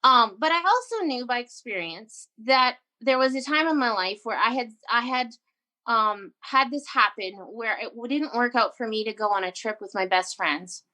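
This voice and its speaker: A woman telling a personal story in a casual interview, animated and emphatic, acting out her own quoted lines. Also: a little high, normal speed. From Canada. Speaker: guest entrepreneur.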